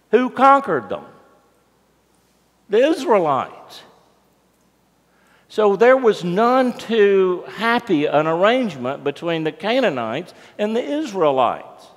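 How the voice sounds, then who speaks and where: An American pastor preaches a sermon in a church sanctuary, telling the story conversationally and posing questions to the congregation. His voice is high with a fairly bright tone, and the recording carries long church reverb.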